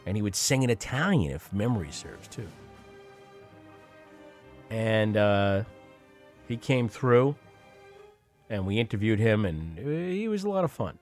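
A middle-aged man talks casually as a show host and mocks what he has just played. His voice sits a little low, with faint music underneath. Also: big pitch swings, unhurried, long pauses, darkish tone. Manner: sardonic, mocking asides. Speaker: radio host. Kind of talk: casual political commentary over clips.

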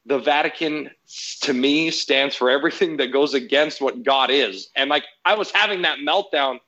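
Bright-voiced man in a profane rant. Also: mid-range voice, normal speed, highs cut off. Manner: heated, profane ranting storyteller. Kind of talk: casual podcast chat.

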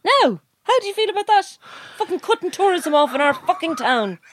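A woman's voice: extremely high pitch, very animated, fairly quick, fairly bright tone, no room sound, clean studio sound. A middle-aged woman from County Mayo with an Irish accent, co-hosting a podcast in a mock-indignant, profane rant. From Knockmore, County Mayo, Ireland. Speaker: podcast co-host. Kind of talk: casual podcast chat. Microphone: close podcast mic.

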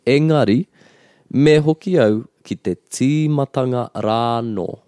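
A man co-hosting a language lesson, patiently explaining words and repeating them slowly. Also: medium pitch, mellow, no echo, clean studio sound. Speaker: language teacher and co-host. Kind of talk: bilingual language lesson chat.

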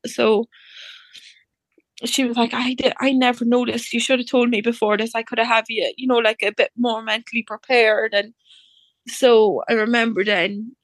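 A woman's voice: on the high side, flat delivery, moderate pace, no echo. A woman telling a personal story in casual chat, acting out what people said to her with many fillers. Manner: chatty, acts out reported dialogue, many fillers like "like".

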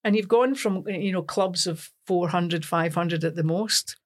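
A woman's voice: lowish voice, unhurried. Chatty Scottish woman telling stories. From Scotland. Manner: lively storytelling with laughs and acted-out quotes. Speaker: singer, interview guest. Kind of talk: casual anecdotal chat.

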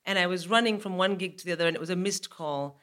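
A woman in her forties, a guest comedian, telling comic anecdotes on a live podcast stage in an animated way, laughing and acting out her own panic. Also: on the low side, quick pace.

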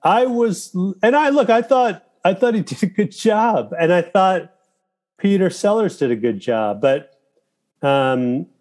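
A man's voice: sits high, unhurried. Man telling stories in a casual interview. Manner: animated storytelling with profanity and quoted inner thoughts. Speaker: guest, filmmaker and actor.

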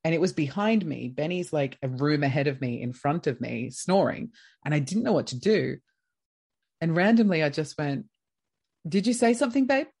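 A woman's voice: deep voice, normal speed, vocal fry, breathy edge. A woman with an Australian accent, a podcast guest telling a personal story casually and acting out what each person said. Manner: lively, acts out quoted dialogue.

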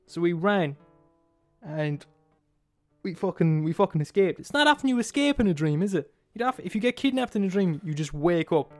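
A man's voice: high-pitched, moderate pace, no room sound, faint music behind. Irish man telling a sweary story. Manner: animated, swears a lot, asks the listener "right?". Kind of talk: casual storytelling.

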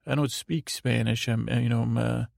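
Brief: male sleep-podcast host, heavy vocal fry, detached and tired, meandering delivery. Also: medium pitch, steady tone, moderate pace, a little mellow, no echo, clean studio sound. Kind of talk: rambling sleep podcast monologue.

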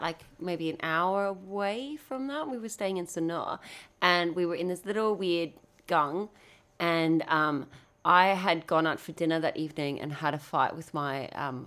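Lower-voiced woman chatting and laughing. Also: fairly even intonation, normal speed, fairly bright tone. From lives in Bali. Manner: laughing, swearing, rambling with many restarts. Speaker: podcast co-host. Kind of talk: casual chat.

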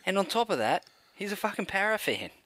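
An Australian man co-hosting a casual sports podcast, ranting and mocking in a loud, sweary, animated way. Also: high-pitched, fairly quick, no room sound. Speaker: podcast co-host.

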